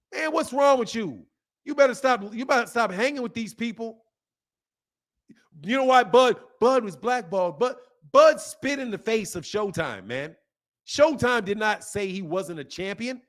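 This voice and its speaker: A man's voice: high-pitched, fairly bright tone. A man hosting a boxing channel, ranting to his viewers in a heated, profane way, repeating his points over and over and reading out viewer comments. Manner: heated, profane, hammering repetition; reads viewer comments aloud.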